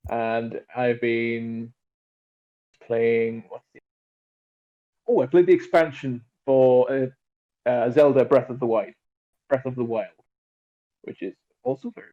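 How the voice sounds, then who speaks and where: A man guesting on a gaming podcast, with a mid-range voice. He talks casually but haltingly, often pausing to search for words. His audio comes through dull and lo-fi, as over a remote connection. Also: medium pitch.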